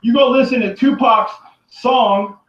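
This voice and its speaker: A man with a strikingly high voice rants on his own, swearing constantly and circling back over the same points. He keeps breaking into shouts. The sound is dull and lo-fi, picked up from a distance in an echoing room with water running behind him. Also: fairly even intonation, measured pace. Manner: profane, rambling and repetitive, often shouting. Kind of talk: angry solo rant to camera. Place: room by a running turtle tank.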